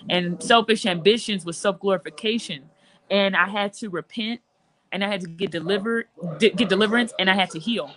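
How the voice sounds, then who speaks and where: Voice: mid-range voice, a little fast, a bit bright. A gospel singer guest telling a personal testimony in conversation, earnest and emotional, with frequent restarts.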